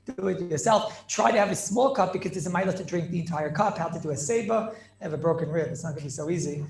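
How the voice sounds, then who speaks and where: A man teaching a lively Torah class as a rabbi, playful and theatrical, mixing in Yiddish and Hebrew terms. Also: a little high, quick pace, creaky, roomy sound.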